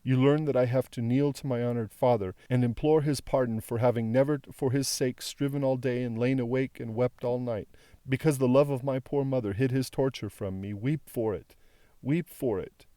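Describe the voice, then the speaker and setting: A man's voice: mid-range voice, normal speed, warm tone, no echo, studio quality, voice pushed up, close to an everyday voice. A man reading the part of a young woman who speaks tenderly and imploringly. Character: tender young woman pleading with her father.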